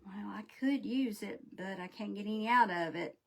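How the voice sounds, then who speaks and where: Hosting a live craft demo, a woman talks straight to her viewers in a folksy, slightly scatterbrained way. She has a medium-pitched voice with vocal fry and speaks at a normal speed.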